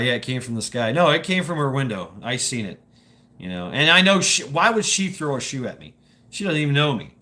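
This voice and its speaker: A man's voice: medium pitch, sharp tone. Stammering, swearing man telling a story. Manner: stammering, repeats words, profane, laughs often. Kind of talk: rambling casual monologue.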